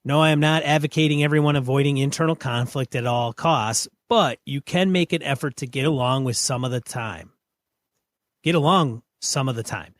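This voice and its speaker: A man's voice: medium pitch, dry recording. A man co-hosting a gaming podcast, talking bluntly and plainly as he chats and reads listener mail aloud. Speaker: podcast co-host. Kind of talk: casual podcast chat and reading listener mail.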